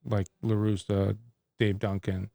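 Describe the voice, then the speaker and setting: A middle-aged man, a former baseball pitcher, telling stories casually in an interview and acting out quoted exchanges. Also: unhurried, creaky, no room sound, clean studio sound. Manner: animated storyteller who acts out quoted exchanges.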